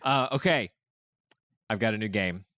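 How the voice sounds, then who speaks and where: A man hosting a casual podcast, running a game and reading headlines slowly, laughing often. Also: fairly low pitch, a bit bright, dry recording, studio quality. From Florida. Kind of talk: casual chat.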